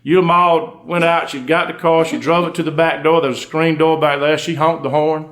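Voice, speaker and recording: Folksy Georgia storyteller, slightly high voice. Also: male voice, flat delivery, a little fast, fairly bright tone. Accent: Southern US, Georgia. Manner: folksy drawl, spins tall tales with asides to the audience. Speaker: undertaker and storyteller. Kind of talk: comic storytelling before a live audience. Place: stage before a live audience.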